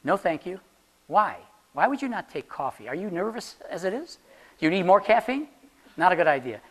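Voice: medium pitch, very animated, a little fast, slightly rough. An instructor giving a class practical interview advice in a chatty, joking way, often asking the room questions. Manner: jokey, laughs at own jokes. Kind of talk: classroom talk on job interviews.

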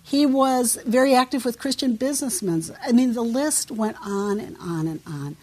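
A woman preaches a sermon in a husky voice of middle pitch. She speaks earnestly and with emphasis, citing scripture verses as she teaches. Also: darkish tone.

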